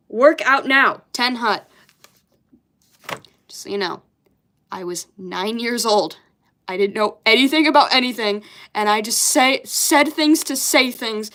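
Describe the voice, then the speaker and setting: A young artist chats casually while reviewing the comics she drew as a child, bemused, swearing often, and laughing at herself. Her voice is a little high with a fairly bright tone.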